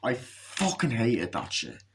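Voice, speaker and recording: A man's voice: mid-range voice, wildly swooping pitch, slow, slight background noise. A man giving a casual, profane movie review, sarcastic and acting out scenes in mocking voices.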